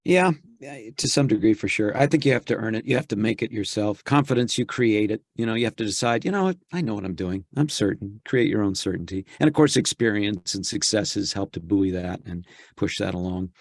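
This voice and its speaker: A voice actor appears as a guest in a casual interview, his fairly low voice moving briskly in studio-quality audio with no room sound. He thinks aloud in a reflective way, with many restarts.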